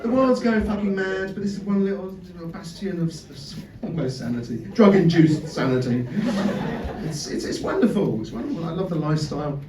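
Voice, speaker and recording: A man's voice: high voice, expressive, a little fast, noisy background. A man from Britain with a British accent doing a sweary, self-mocking stand-up comedy set in a club, with audience laughter behind him. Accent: British English. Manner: chatty, sweary, self-mocking, stammers on restarts. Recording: roomy live club sound from a distance. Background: audience laughter and chatter.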